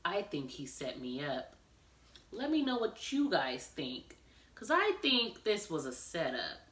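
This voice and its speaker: A woman's voice: lowish voice, very animated, unhurried, a bit bright, slight background noise. Chatty woman in an echoey room. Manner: chatty retelling, acting out quoted dialogue. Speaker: vlogger. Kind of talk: casual storytelling vlog. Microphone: phone camera. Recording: echoey room, mic at a distance.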